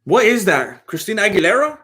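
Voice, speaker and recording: Brief: easygoing male streamer, slangy and chatty, fairly high voice, laughing as he reads chat. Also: very animated, fairly quick, bright, forceful tone. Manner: laid-back and slangy, reads chat questions aloud and laughs often. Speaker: fight watch-along streamer. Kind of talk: casual livestream chat.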